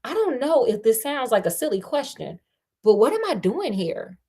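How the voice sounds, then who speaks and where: Lady reading a freaked out guy, high and jumpy, way upset. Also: very animated, normal speed, darkish tone, breathy edge, heavily acted. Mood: indignant. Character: frantic bewildered Englishman, the hero.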